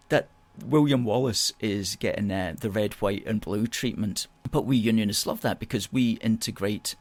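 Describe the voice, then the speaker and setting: A man's voice: on the low side, normal speed, few pauses, no room sound. A man hosting a live chat show, reading out viewer comments and answering them. He is emphatic and repeats phrases and words of agreement. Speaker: host.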